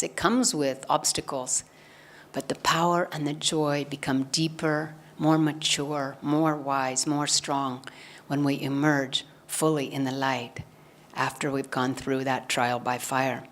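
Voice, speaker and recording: A woman giving a spiritual satsang talk, earnestly retelling a gospel story and acting out the quoted lines. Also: low voice. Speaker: satsang speaker.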